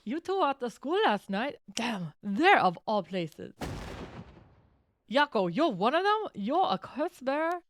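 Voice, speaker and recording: A woman's voice: on the high side, very animated, a little slow, slight background noise. A woman voicing a proud, egotistical male teacher in a game, speaking in a pompous, formal way.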